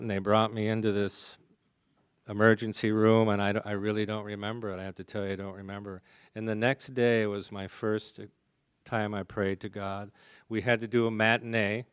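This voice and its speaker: A man's voice: fairly low pitch, clear, resonant tone, no room sound, studio quality. A man speaking at a recovery meeting, telling his story in a humorous, confessional way. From American. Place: conference hall.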